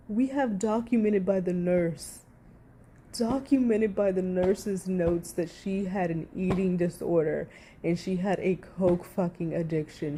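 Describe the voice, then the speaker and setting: A woman's voice: fairly low pitch, warm tone, a little hiss or hum. A woman giving heated, profanity-laced reaction commentary, sarcastic and indignant as she rants to her viewers.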